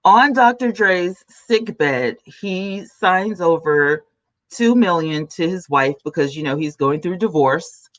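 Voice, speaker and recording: A woman with a soft, low-key voice chats casually with her viewers. She hosts a podcast from a desk at home. She talks into a new desk mic and snacks between sentences. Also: animated, slow pace, dull audio. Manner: chatty, talks while snacking. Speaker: podcast host.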